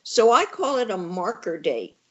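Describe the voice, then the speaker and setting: A woman's voice: medium pitch, big pitch swings, normal speed, fairly bright tone. An older widowed woman talking candidly with wry humor as an interview guest. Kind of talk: conversational interview. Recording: dull lo-fi audio.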